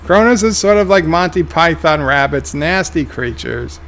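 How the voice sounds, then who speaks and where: A man's voice: fairly high pitch, lively intonation, moderate pace, fairly bright tone. A man streaming a game, reading viewer comments aloud with dry, offhand replies. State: tired, yawning. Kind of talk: casual live-stream commentary.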